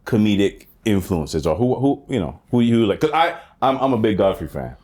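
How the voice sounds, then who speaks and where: A man's voice: fairly low pitch, sing-song, moderate pace, darkish tone. A man who co-hosts a comedy podcast, chatting casually, often repeating words and restarting his sentences. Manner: repeats words, stammering restarts, frequent agreeing. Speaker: podcast co-host and stand-up comic. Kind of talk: casual chat.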